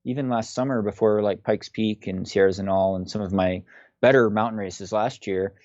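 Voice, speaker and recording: A man in his thirties, a guest chatting in a relaxed, rambling way with frequent fillers over a video call. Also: lowish voice, normal speed, no room sound, highs cut off. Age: 30s. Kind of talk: casual chat on a video call.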